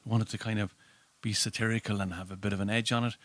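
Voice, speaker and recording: A man's voice: on the low side, fast talker, no echo. An Irish man, a guest comedian, telling anecdotes in casual chat and acting out the voices of people in them. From Ireland. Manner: animated storyteller, acts out voices.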